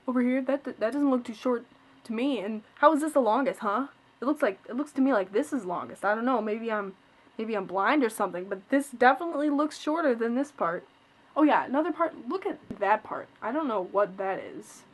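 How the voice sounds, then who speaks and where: A woman's voice: on the high side, fairly quick, slight background noise. A teenage girl telling a story in a casual vlog, chatty and exasperated, full of "like" and acted-out quotes. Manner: chatty, retells scenes with quoted voices, lots of "like"; exasperated, complaining. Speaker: vlogger.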